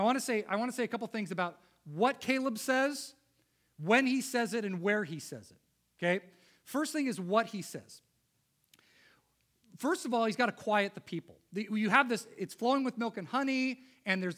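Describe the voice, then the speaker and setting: Male preacher, high-pitched, emphatic sermon delivery with swells and drops. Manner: emphatic, builds to loud peaks then drops low.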